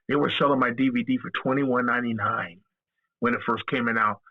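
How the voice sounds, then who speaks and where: Husky man telling stories over a phone line. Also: mid-range voice, fairly quick. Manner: animated, profane, acts out quoted dialogue. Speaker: guest. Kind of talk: casual storytelling. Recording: tinny phone-line audio.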